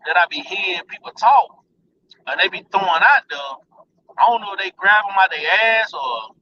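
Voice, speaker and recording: A man's voice: high-pitched, recorded from a distance, muffled recording, slight background noise. A man ranting bluntly and profanely to his viewers in a casual vlog. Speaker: vlogger.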